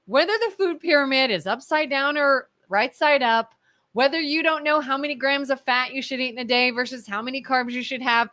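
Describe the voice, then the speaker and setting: Bright-voiced woman co-hosting a talk show. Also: high voice. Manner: emphatic, talks through examples. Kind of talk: casual talk show discussion.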